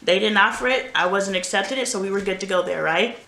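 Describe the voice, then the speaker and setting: A woman's voice: medium pitch, brisk, creaky. A woman vlogger and mother telling candid stories in casual chat while doing laundry at home. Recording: roomy home echo, faint noise.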